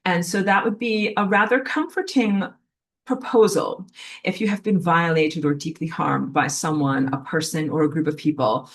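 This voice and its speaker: A woman's voice: fairly low pitch, normal speed. A woman giving a casual, rambling spiritual talk from home, full of fillers like "like" and "um". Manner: rambling, heavy use of fillers like "like" and "um". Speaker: spiritual teacher. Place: indoors at home, in an apartment.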